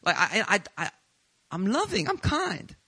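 Male pastor, sermon delivery, animated and self-deprecating, very bright tone. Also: sits high, unhurried, husky, no room sound. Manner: animated, confessional storytelling with humor.

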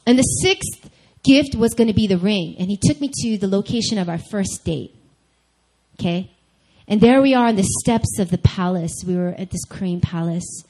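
A woman's voice: mid-range voice, normal speed, low-quality recording. A young adult woman preaching to a church group, weaving a personal story into the sermon and talking straight to her listeners. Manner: animated storyteller, addresses listeners directly. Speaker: speaker at a church group meeting.

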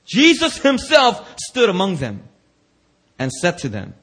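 A man preaches in church with a bright, husky voice that sits high and leaps around in pitch. He talks to the congregation in a loose, slangy way and keeps slipping into quoted voices to act out the story. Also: measured pace. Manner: animated, acts out quoted voices, slangy asides. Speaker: pastor. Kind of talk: lively sermon.

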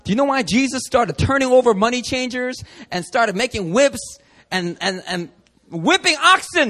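A man preaching a sermon at a prayer meeting, animated and dramatic, moving between hushed stretches and loud bursts. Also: very high-pitched, moderate pace. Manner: animated, acts out scenes, shifts from hushed to loud. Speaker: pastor.

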